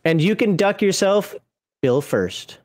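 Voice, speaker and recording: Male co-host, high pitch, loose rambling chatter with frequent laughs. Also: sing-song, a little slow, darkish tone. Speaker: podcast co-host. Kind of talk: casual live-stream chat.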